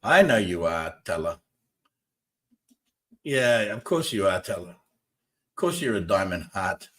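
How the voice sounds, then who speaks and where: A man's voice: low-pitched, very animated, slow pace, fairly bright tone. A man hosting a spiritual talk show, speaking emphatically and repetitively and arguing with his viewers. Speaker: host.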